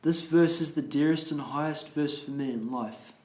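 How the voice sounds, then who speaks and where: A man leading a morning class, reading scripture aloud slowly and carefully and explaining it, restarting some verse words. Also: on the high side, a little mellow. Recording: roomy echo.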